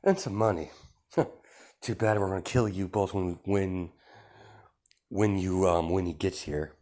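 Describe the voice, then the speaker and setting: Young man reading gloating thug kidnapper in a fan story; low, unhurried, clumsy restarts. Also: mellow. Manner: gloating, stumbling over words.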